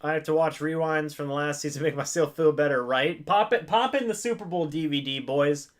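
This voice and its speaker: His voice is a little high and fairly quick as he hosts a live game reaction stream, calling the action, pleading with the players, and laughing off the defeat with self-mocking humor, all in an excitable manner.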